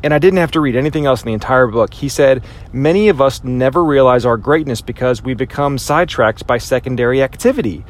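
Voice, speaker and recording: A man's voice: mid-range voice, fast talker, few pauses. A man giving a motivational speech, emphatic and repetitive, acting out his inner voice now and then. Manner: emphatic, repeats phrases for impact, acts out inner voices. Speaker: motivational speaker.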